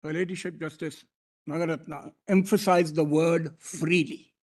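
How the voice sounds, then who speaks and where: A man's voice: a little high, fairly even intonation, normal speed, a little mellow. A man with an Indian English accent arguing formally before a court bench, deferential and emphatic, addressing the judges as "my lord" and often restarting his phrases.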